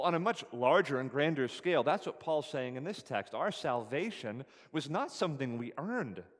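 A man's voice: on the high side, in a large hall. A man preaching a sermon as pastor, earnest and emphatic, rising on scripture and repeating key phrases to drive them home. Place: church sanctuary.

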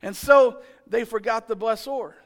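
High-voiced joking preacher man. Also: measured pace. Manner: animated, joking, playfully exasperated; builds to loud emphatic shouts. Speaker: pastor. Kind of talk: sermon.

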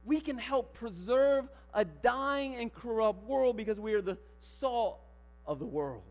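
A man preaching a sermon in a church, animated, firing rhetorical questions and building to emphatic declarations. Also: extremely high pitch, measured pace. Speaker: pastor. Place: church sanctuary. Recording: long hall reverb with mains hum.

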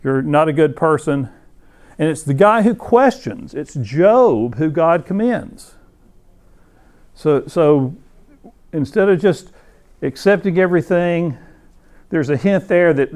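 A man teaches a Bible class in a conversational lecture style, his high-pitched voice darkish in tone, lively in intonation and measured in pace. He restarts often and reads scripture passages aloud between his own comments.

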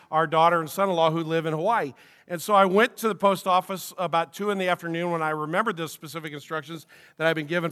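A man's voice: sits high, a bit bright. A middle-aged man, a pastor, preaching a sermon and telling a personal story in a conversational way with frequent restarts, in a church sanctuary. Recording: long reverb of a church hall.

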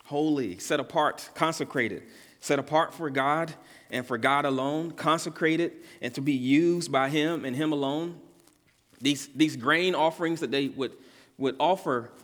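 A pastor preaching a sermon with earnest emphasis, repeating key words and rising in pitch and volume at his climactic points. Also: fairly bright tone. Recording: long hall reverb.

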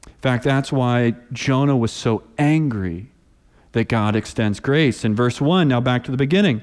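A pastor in his thirties preaches a sermon, telling stories and giving animated voices to the people he quotes. He has a mid-range voice, speaks at a moderate pace, and the sound is of a big room.

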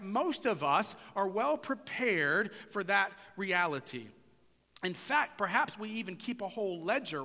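A man's voice: high voice, bright, forceful tone, long reverb tail. A man preaching a conversational sermon as a pastor, often checking in with his listeners through rhetorical questions.

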